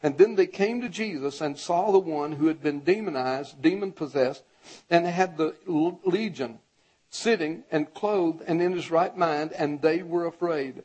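A male pastor preaching a sermon, reading scripture aloud and urging the congregation, his voice rising to a shout when he exhorts them. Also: on the high side, unhurried, slightly rough, low-quality recording.

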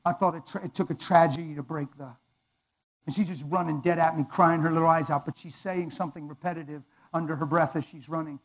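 Male preacher giving a testimony, dramatic, shifts from loud to hushed. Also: on the high side, steady tone, fast, low-quality recording. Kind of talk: emotional testimony sermon.

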